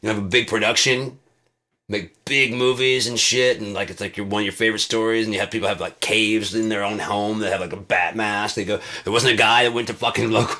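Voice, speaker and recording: An American show host around fifty rants casually in a lowish voice with a steady tone and a brisk pace. He swears constantly, rambles loosely, and breaks into bursts of loud laughter.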